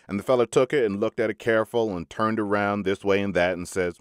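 Male audiobook reader, low voice, folksy unhurried storytelling, dry close sound. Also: clear, resonant tone, no echo. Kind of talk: storytelling reading.

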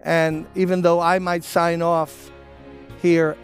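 An older man preaching a sermon as pastor, speaking earnestly and pleading directly with listeners, then leading them in a slow prayer. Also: a little high, level tone, faint music behind. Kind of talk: sermon with altar-call prayer.

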